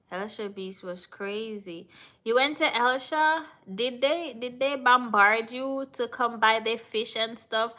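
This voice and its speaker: A woman with a Jamaican accent hosts a relaxed live stream, chatting loosely with viewers in the chat. Her voice sits a little high and sounds bright and crisp, and she talks slowly without hurrying. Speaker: livestream host.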